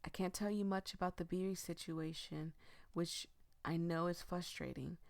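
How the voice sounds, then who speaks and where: A woman's voice: on the low side, fairly even intonation, moderate pace, gravelly, darkish tone. Woman reading as a teasing friendly coworker. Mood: reassuring. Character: friendly, teasing young male lab coworker.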